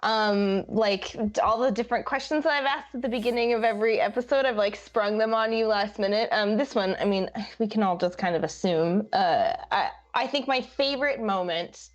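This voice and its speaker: A woman's voice: mid-range voice, moderate pace, few pauses, dull audio. A woman player in casual, bubbly chat about the game. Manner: bubbly, chatty.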